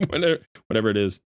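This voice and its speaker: A man's voice: on the low side, clear, resonant tone, no echo. A middle-aged man hosting a casual live stream from his desk at home, rambling and laughing a lot as he pokes fun at himself. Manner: rambling, self-deprecating, laughs often. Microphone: desk microphone.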